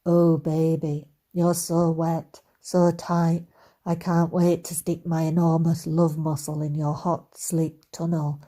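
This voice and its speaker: A woman voicing a macho romance hero with a Scottish accent, a man's lowered, hammy seductive drawl. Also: level tone, slow, warm tone.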